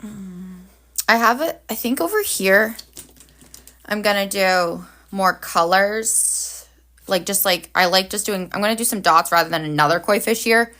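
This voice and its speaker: A woman's voice: mid-range voice, unhurried, bright, forceful tone. A woman hosting a live planner session, chatting casually and cheerfully with viewers while she draws. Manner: chatty, upbeat, talks to viewers while working. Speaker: planner livestream host.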